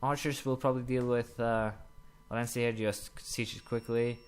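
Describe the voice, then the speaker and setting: A young man commenting casually while playing a strategy game, rambling with many fillers and quick apologetic asides. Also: medium pitch, level tone, clean tone. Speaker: gaming commentator. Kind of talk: casual let's-play commentary.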